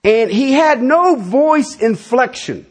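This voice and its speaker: Preaching slowly in a very high-pitched, husky voice, a pastor in his fifties keeps his sermon lively and conversational. He drops casual asides to the congregation along the way.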